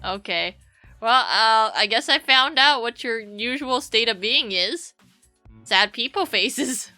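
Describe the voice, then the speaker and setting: Bright-voiced young woman streamer, rambling. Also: on the high side, expressive. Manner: rambling, self-mocking, quick asides. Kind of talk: casual livestream chat while drawing. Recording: faint background music.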